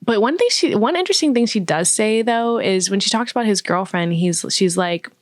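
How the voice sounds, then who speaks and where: A woman's voice: medium pitch, lively intonation, a little fast, dry recording, studio quality. A young woman vlogger chatting casually about a film, saying "like" often and acting out lines. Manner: chatty, says "like" often, acts out quotes. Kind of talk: casual chat.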